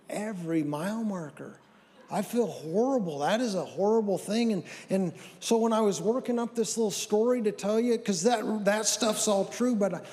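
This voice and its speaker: Folksy high-voiced man doing stand-up. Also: darkish tone, in a large hall. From American Southwest. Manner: folksy, self-deprecating, acts out others' lines. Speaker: stand-up comedian. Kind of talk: stand-up storytelling. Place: church hall with audience.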